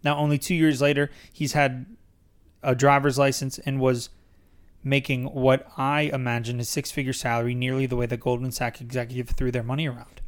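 A young man reads his own memoir aloud on his podcast in a mid-pitched voice. He trips over words now and then and restarts the sentence. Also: flat delivery, a little fast. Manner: stumbles over words and restarts while reading. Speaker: podcast host reading his own book.

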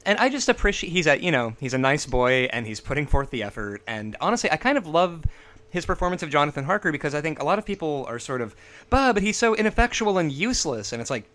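A man co-hosting a casual podcast about old horror movies, enthusiastic and full of quick asides. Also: on the high side, big pitch swings, fairly bright tone. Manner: enthusiastic, riffs with quick asides and silly quoted voices. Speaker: podcast co-host.

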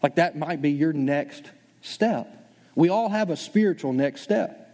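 A man preaching a sermon as pastor, talking conversationally and acting out his listeners' doubts in quick asides. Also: on the high side, in a large hall. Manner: fast, animated preaching.

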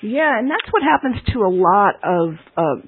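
Husky host asking halting questions by phone. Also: medium pitch, very animated, no room sound. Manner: halting questions with many fillers. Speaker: interviewer, host. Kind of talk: interview. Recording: phone line.

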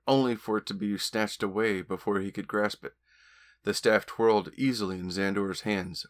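Man reading own book aloud, low voice, bright forceful tone, steady storytelling. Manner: steady storytelling with occasional stumbles. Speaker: author and podcast host.

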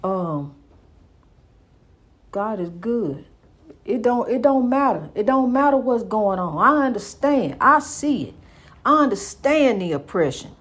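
A woman's voice: a little high, big pitch swings, a little slow, pauses often. A woman preaching with fervor, repeating her points and calling the listener "honey". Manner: fervent, repetitive, calls listener "honey". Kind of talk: preaching, inspirational monologue.

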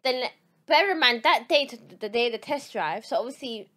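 A woman's voice: fairly high pitch, moderate pace. A young woman, telling a story in a casual chat among friends and acting out what others said. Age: young adult. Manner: animated, swearing, acting out quotes.

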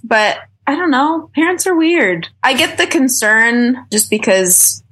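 A woman's voice: sits high, lively intonation, unhurried, fairly bright tone, slightly rough. Co-host woman, sympathetic listener, short agreeing chimes. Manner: supportive, brief agreeing replies. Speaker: podcast co-host. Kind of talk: casual chat.

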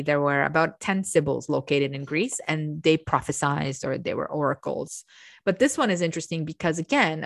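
A woman's voice: deep voice, vocal fry, no echo, clean studio sound. A woman hosting a chatty lecture, ranting at times and often restarting her words. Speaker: host. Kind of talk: casual lecture.

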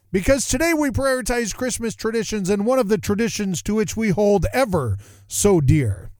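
A man hosting his podcast in a casual monologue, rambling and animated, often interrupting himself. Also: fairly high pitch, no echo, clean studio sound. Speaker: podcast host.

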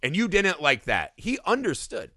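A man's voice: on the high side, moderate pace, dry recording, studio quality. A man co-hosting a casual film podcast, swearing freely and acting out scenes in goofy voices. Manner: profane, excitable, acts out scenes in silly voices. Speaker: podcast co-host.

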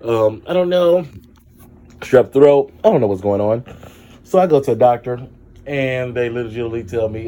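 Sick guy with a sore throat, low energy, chatting to his viewers, mellow dark voice, sassy and expressive. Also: moderate pace, long pauses, slight background noise. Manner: chatty and expressive, with sudden high exclamations and sassy asides. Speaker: vlogger. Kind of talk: casual storytelling to camera.

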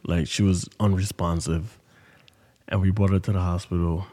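A man's voice: sits low, steady tone, normal speed, warm tone, long reverb tail. A man hosting a podcast, telling a story in casual monologue with loose, profane street talk. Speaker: podcast host.

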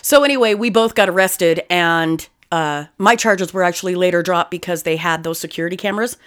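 A young woman chatting casually as a podcast co-host, telling stories in a profane, animated way. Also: fairly low pitch, a little fast, clear, resonant tone. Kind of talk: casual chat.

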